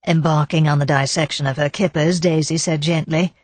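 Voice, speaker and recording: A woman narrating an audiobook of a period mystery in a measured, expressive way. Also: sits low, no room sound. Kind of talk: scripted narration.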